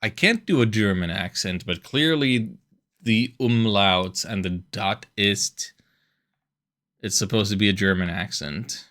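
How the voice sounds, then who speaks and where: A man's voice: fairly low pitch, unhurried, a bit bright. A man casually commenting while streaming a video game, with joking, rambling asides.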